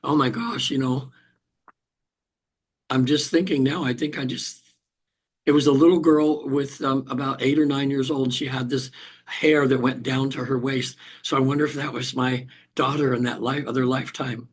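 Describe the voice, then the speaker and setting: An older man, a hypnotherapist guest, tells a personal story in an interview, halting with frequent restarts and throat clearing. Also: mid-range voice, fairly even intonation.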